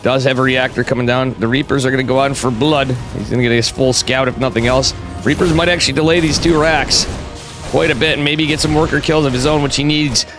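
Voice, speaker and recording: A man's voice: mid-range voice, steady tone, fast, music in the background. A man with a cold giving casual, chatty live commentary on a strategy game, talking straight to his viewers with jokey asides. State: has a cold. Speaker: esports caster.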